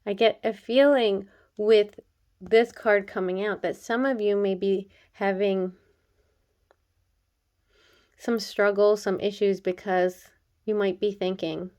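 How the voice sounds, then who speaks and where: A woman's voice: medium pitch, fairly even intonation, slow, long pauses, darkish tone. A woman doing a casual oracle card reading to camera. She talks earnestly and encouragingly, straight to the viewer, in a chatty way with laughs and filler words.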